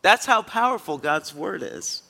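Gravelly-voiced man preaching in a reverberant church. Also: sits high, very animated, unhurried. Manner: earnest, emphatic, with sudden loud bursts. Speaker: pastor. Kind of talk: conversational sermon. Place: church sanctuary.

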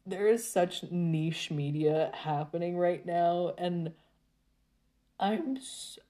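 A woman talking casually to her viewers in a rambling, exasperated rant full of halting restarts. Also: lowish voice, dark tone.

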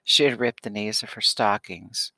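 A man reads a children's novel aloud in a steady, expressive way. His voice sits low but sounds bright and forceful. The recording is close and dry, with no room sound. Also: moderate pace, no room sound. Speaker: audiobook narrator. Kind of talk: scripted audiobook narration.

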